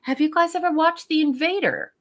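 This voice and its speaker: A woman's voice: high voice, brisk. A woman co-hosting a casual podcast, reviewing a TV episode in a gushing, rambling way with many fillers.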